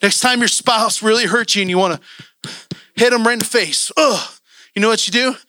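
Man, impassioned sermon, high bright voice, dry close sound. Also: fairly quick, dry recording. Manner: impassioned, urging the congregation. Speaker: preacher. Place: church.

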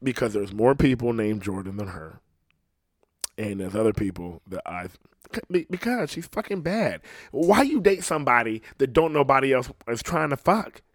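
A man's voice: medium pitch, very animated, moderate pace, dry recording, clean studio sound. Rambling, profane male podcast host. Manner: rambling, profane, swings between loud outbursts and muttering. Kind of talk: casual podcast chat. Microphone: podcast microphone.

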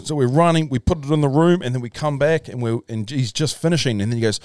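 A man's voice: mid-range voice, fast, hardly any pauses, a little mellow, no room sound, studio quality. A man, a podcast guest, telling a long story in loose casual chat, swearing freely and calling people "bro". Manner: loose, swearing, says "bro", talks in restarts.

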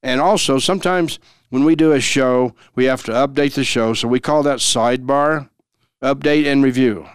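A man's voice: medium pitch, normal speed, clear, resonant tone, no echo, studio quality. A man hosting a legal explainer podcast, folksy and repeating his key phrases for emphasis. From Denver, Colorado. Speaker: podcast host and lawyer.

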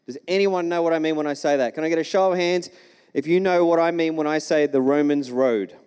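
Male pastor, high voice, storytelling sermon, long church-hall reverb. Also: brisk, a little mellow, smooth. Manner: storytelling, engages the congregation with questions.

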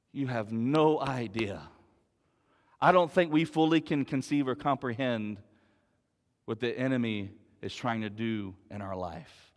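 A man's voice: fairly high pitch, moderate pace, big-room sound. A man preaching a sermon as pastor, earnest and storytelling, repeating words as he builds his point.

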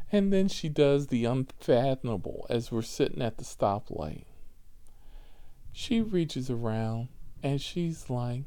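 A man telling a comic story on his podcast, profane and animated with a drawling delivery. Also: medium pitch, slow pace, long pauses, clear, resonant tone.

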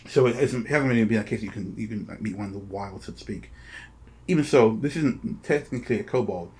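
A man's voice: lowish voice, fast talker, darkish tone. Man narrating as game master. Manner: descriptive, full of fillers and restarts.

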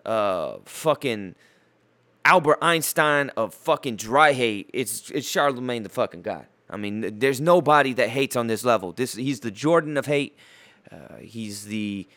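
A man's voice: medium pitch, lively intonation, measured pace, fairly bright tone. A man hosting a podcast, ranting crudely with constant stammers and filler words in a mocking gossip style. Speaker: podcast host. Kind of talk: profane gossip rant.

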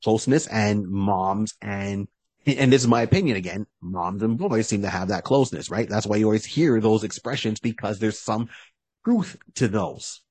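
Husky, animated male podcast co-host. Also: lowish voice, normal speed, no echo. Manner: animated storyteller who acts out short character voices. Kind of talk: casual chat, retelling a comic book story.

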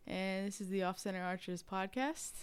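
Her voice is smooth and medium-pitched at a normal speed as she co-hosts a podcast in relaxed conversation. She's giggly and self-deprecating, rambling and frequently laughing at her own expense.

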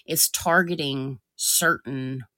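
Co-host, mid-pitched, earnest explainer with restarts, dry close mic. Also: steady tone, slow pace, sharp tone, no echo. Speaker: podcast co-host and spiritual practitioner. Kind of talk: casual podcast discussion.

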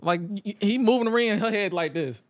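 A man's voice: high voice, brisk, dry recording. A man co-hosting a podcast, casually recapping wrestling and acting out funny quotes. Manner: animated, joking storyteller who acts out quotes. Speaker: podcast co-host.

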